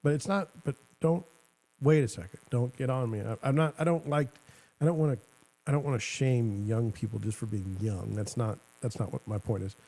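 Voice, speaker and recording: Gravelly, mellow-voiced man ranting casually. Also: medium pitch, normal speed. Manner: rambling, sarcastic, self-interrupting. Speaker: show host. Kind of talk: casual commentary.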